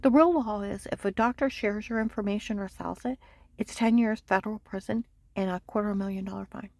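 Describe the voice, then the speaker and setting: A woman telling a long personal story in a rambling monologue, agitated and insistent, repeating herself and sometimes dropping to a hushed near-whisper. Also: medium pitch, brisk, creaky, no echo. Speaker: vlogger.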